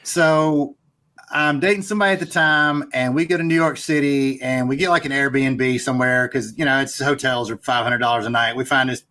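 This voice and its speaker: A man's voice: medium pitch, moderate pace. A man co-hosting a podcast, telling a personal anecdote in a chatty way. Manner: chatty, animated anecdote teller. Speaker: podcast co-host. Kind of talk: casual podcast storytelling.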